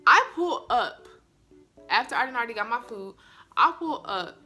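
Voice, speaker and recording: A young woman from the tells her story straight to the camera, animated and chatty. Her voice sits a little high and sounds bright and forceful. Soft music plays faintly underneath. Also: moderate pace. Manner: animated, addresses viewers as y'all. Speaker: vlogger. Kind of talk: storytime vlog.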